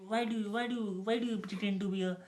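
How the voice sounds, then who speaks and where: A man's voice: sits high, steady tone, quick pace, darkish tone. A young man on a casual podcast, talking bluntly and teasing his friends. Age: young adult. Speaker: podcast co-host. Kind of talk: casual chat.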